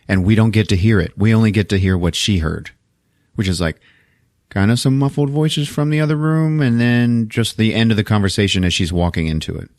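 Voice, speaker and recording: A man's voice: fairly low pitch, darkish tone, no echo, clean studio sound. Laughing man recapping a movie. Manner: laughs often, acts out characters' lines, swears casually. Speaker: podcast host.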